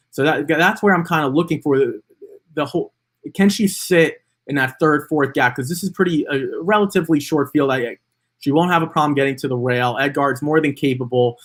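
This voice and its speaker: A man in a relaxed conversation about horse racing bets, with a mid-range voice. He works his way through his picks out loud, stopping to restart his sentences and leaning on "um" and "kinda" as he goes. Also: mid-range voice. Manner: thinks aloud with many fillers and restarts. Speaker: horse racing handicapper, podcast co-host. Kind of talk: casual betting analysis chat.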